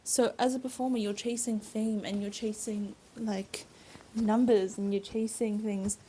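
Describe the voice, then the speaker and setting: A woman's voice: mid-range voice, little pitch movement, unhurried, mellow, slight background noise. A woman hosting her own podcast, a stage performer talking casually and reflectively with frequent asides and laughs.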